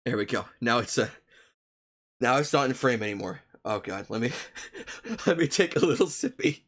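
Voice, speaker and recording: A man's voice: mid-range voice, sing-song, moderate pace, fairly bright tone, breathy edge. A young man streaming, reading a story aloud to his chat with profane, joking asides.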